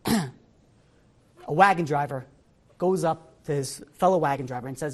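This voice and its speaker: A man, a rabbi, giving a Torah class in a synagogue, talking in an animated, conversational way. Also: on the high side, a little slow, long pauses.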